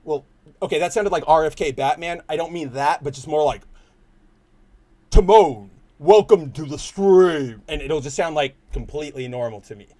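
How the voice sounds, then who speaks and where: A man's voice: on the high side, fast talker, a little mellow. Slangy Californian man chatting on stream. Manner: rambling, slangy, talks to chat. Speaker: stream host. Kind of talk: casual livestream chat.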